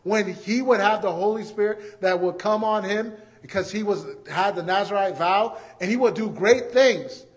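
A man's voice: sits high, moderate pace, hardly any pauses. A man preaching a sermon, acting out everyday scenes and repeating key phrases for emphasis. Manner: animated, acts out everyday scenes.

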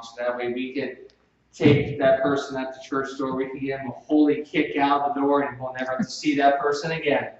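A man's voice: medium pitch, little pitch movement, moderate pace. Man preaching in a very echoey church. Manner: preaching with sudden loud bursts and soft drops. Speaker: pastor. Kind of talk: sermon. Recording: echoey room, distant mic, dull sound.

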